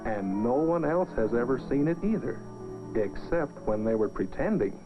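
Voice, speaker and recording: Lively sing-song male storybook narrator. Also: mid-range voice, moderate pace. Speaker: narrator of an old children's film. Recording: dull lo-fi film soundtrack with music.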